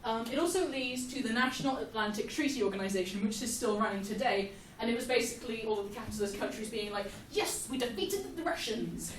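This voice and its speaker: A young woman giving a casual, jokey history lesson, animated and laughing often. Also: fairly high pitch, fast, few pauses, distant mic. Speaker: history explainer. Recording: echoey room, off-mic, faint hiss.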